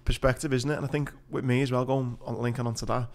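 A man's voice: mid-range voice, little pitch movement, quick pace, a little hiss or hum. A man speaking frankly and bluntly, with plenty of swearing, in a casual podcast chat.

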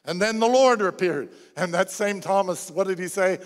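A man preaching a sermon in a church, telling stories with lively acted-out quotes. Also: sits high, normal speed. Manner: animated storytelling, acts out quoted voices. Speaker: pastor. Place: church sanctuary. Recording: long hall reverb.

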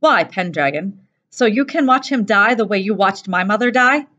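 A woman reading aloud as a cold, proud young woman fighter, slow and clipped. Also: fairly low pitch, animated, fairly bright tone. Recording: dull lo-fi recording.

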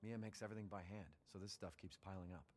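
A man voices a young husband and new father in a video game, easygoing and calm at home. The voice sits very low with a dark, mellow tone. He talks at a quick clip, with soft music under him. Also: lightly acted.

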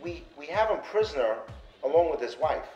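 A man's voice: a little high, big pitch swings, fairly quick, a little mellow, muffled recording. A man playing a nervous, hesitant henchman who stammers when he answers his boss. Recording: echoey room with music.

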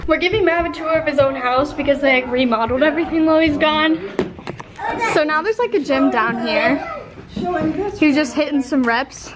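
A woman's voice: sits high, moderate pace. A young woman vlogging casually on a handheld camera, bubbly and giggly, laughing often. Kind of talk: casual vlog narration. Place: airport, then a family home. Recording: crowd noise behind.

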